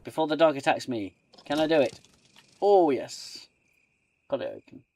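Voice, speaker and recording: A man's voice: a little high, lively intonation, moderate pace, darkish tone, slight background noise. A man giving casual, muttering commentary while he plays a video game, tossing in playful sing-song asides. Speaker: gaming channel host. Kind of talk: casual let's-play commentary.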